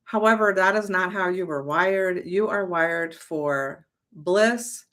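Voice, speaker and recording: Chatty, emphatic woman with a lowish voice. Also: slow. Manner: chatty and emphatic, swears casually, exclaims loudly. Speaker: manifestation coach. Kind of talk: casual motivational talk to camera.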